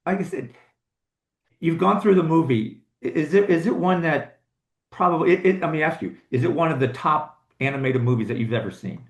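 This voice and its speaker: Gravelly man in an echoey room. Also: a little high, animated. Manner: joking, halting with restarts. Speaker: co-host. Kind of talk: casual movie chat.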